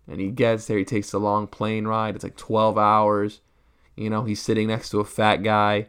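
A man's voice: lowish voice, completely flat delivery, normal speed, fairly bright tone, smooth. A man in a profane stand-up rant, rambling and crude, peppering his talk with rhetorical asides. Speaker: comedian.

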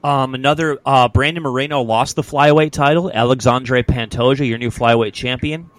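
A young man hosting a podcast, chatting casually about fights in a loose, profane, animated way. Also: mid-range voice, normal speed, no room sound. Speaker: podcast host. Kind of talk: casual sports chat.

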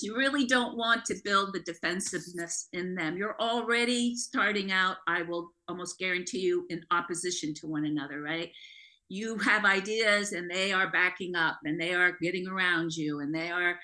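A woman's voice: lowish voice, pushed and bright. A woman co-hosting a podcast, explaining family recovery steps in an earnest, coaching way. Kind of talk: casual podcast discussion.

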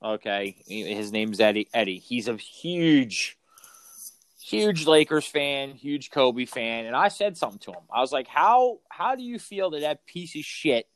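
On a podcast, a middle-aged youth sports coach rants about basketball in a medium-pitched, very animated voice at a measured pace, with no echo. He's heated and emphatic, swearing heavily and hammering every point.

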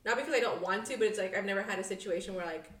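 A woman's voice: medium pitch, racing. A woman co-hosting a casual podcast chat, blunt and teasing with her friends. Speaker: podcast co-host. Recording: echoey room, distant mic.

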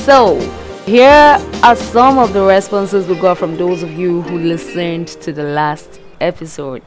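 A woman hosts a podcast at a slow, easy pace, her voice sitting at an ordinary pitch. She talks casually over a clear music bed. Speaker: podcast host.

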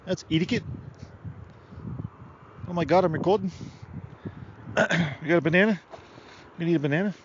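Crude male play-by-play caller, loose Australian accent, a man putting it on, raised and lively. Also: on the high side, moderate pace, long pauses, muffled recording, noisy background, voice pushed up, natural voice. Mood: rowdy. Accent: put-on loose Australian. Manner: profane, rowdy play-by-play. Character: crude excitable male sports commentator. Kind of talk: mock sports commentary. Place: outdoors beside a park golf course.

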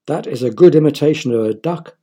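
A gentle, fussing mother from a children's storybook, put on by a man narrating. She is lightly amused, and the voice has a husky, breathy edge. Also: fairly high pitch, fairly quick.

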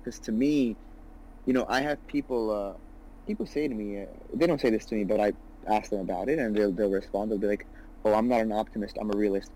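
A man's voice: on the low side, fairly quick, mellow, a little hiss or hum, poor audio. A man in his twenties talking as a guest about his business, earnest and rambling, with lots of "you know" and "right". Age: 20s. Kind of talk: casual podcast conversation.

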